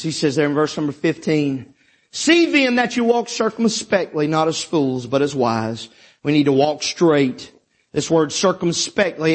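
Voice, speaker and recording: A male preacher with a South Georgia accent delivering a sermon, swinging from shouted exhortation to low asides. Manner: emphatic, rising to shouts then dropping low.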